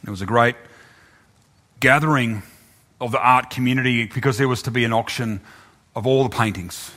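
A man preaching, telling a story in a halting way, often repeating his words. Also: mid-range voice, fairly bright tone. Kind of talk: sermon storytelling.

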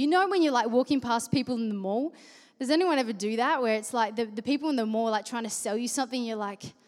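Animated young woman preaching. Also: sits high. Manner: chatty, laughing, animated storytelling. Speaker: youth speaker. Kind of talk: storytelling sermon. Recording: echoey hall reverb.

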